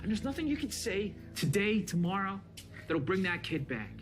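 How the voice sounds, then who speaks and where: A middle-aged actor playing a hardened veteran police officer near retirement, pressing and defensive, with a score playing under him. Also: male voice, high voice, sing-song, normal speed. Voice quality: hard, pressing. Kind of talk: film drama acting. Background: film score music.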